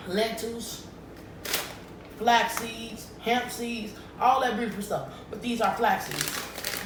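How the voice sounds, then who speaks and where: Woman vlogger in an echoey room. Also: medium pitch. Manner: lively, keeps checking in with the viewers. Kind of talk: casual talk to camera. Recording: echoey room, distant mic, faint noise.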